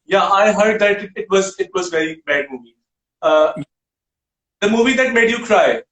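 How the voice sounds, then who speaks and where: A male talk show host firing off quick questions in a brisk, teasing way. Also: high voice, expressive, fairly bright tone, roomy sound. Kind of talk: quick-fire interview questions.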